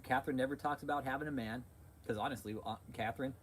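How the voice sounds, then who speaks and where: A man's voice: medium pitch, steady tone, fast talker, slight background noise, poor audio. A man hosting a livestream, ranting in a crude, heated, sarcastic way. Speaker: livestream host. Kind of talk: profane livestream rant.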